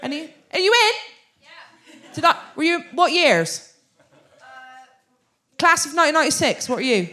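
A woman in her thirties with a Bristol accent, guesting on a comedy interview. She talks brashly and loudly, swearing and laughing as she goes. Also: sits high, sing-song, normal speed, long pauses. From Bristol, England.

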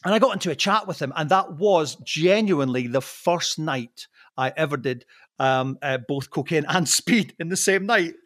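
A man's voice: on the high side, fairly bright tone, no room sound, studio quality. Laughing, swearing male storyteller on a podcast. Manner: laughing, swearing storyteller doing quick impressions. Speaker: guest. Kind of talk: anecdotal podcast chat.

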